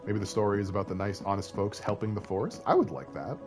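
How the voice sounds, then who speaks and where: Over faint game music, a young Canadian reads a story game aloud on stream, joking and talking to chat. He speaks quickly in a voice on the low side, with lively intonation.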